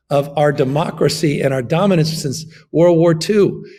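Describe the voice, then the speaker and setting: A man's voice: mid-range voice, creaky, mellow, breathy edge. A man, a governor, giving an impassioned political interview, emphatic and fond of repeating his phrases.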